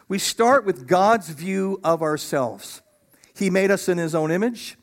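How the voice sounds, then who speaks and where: A middle-aged man preaching a sermon as pastor, animated and acting out voices of biblical figures. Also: fairly high pitch.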